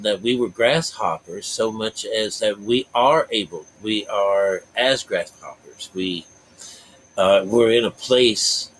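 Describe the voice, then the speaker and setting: A man's voice: on the low side, a bit bright, a little hiss or hum, poor audio. A man giving a rambling, folksy spiritual talk to his viewers, full of fillers and asides. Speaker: spiritual vlogger.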